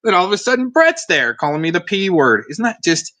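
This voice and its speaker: A man's voice: high voice, very animated, fairly quick. Sarcastic, rambling male stream host. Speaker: livestream host. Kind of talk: ranting commentary on a livestream.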